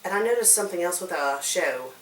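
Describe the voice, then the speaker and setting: A young woman co-hosting a fanfic review show in casual, rambling chat, sometimes dropping to a conspiratorial hush. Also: fairly low pitch, expressive, quick pace. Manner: rambling, conspiratorial, snaps in exasperation. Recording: echoey room, distant mic, faint hiss.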